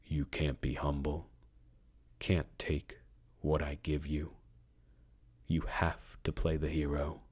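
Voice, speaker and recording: A coldly calm casino boss, as a male narrator puts him on, menacing without ever raising his voice. He speaks slowly and quietly, in a very deep, husky tone that sometimes drops almost to a whisper. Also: full character voice. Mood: cold menace. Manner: slow, quiet, restrained menace.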